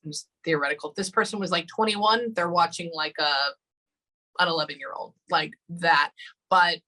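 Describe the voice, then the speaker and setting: A woman giving a casual live reading, often pausing and dropping into soft whispers. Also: lowish voice, rough recording. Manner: casual, pauses often with "hold on" and drops to whispers. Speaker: psychic medium.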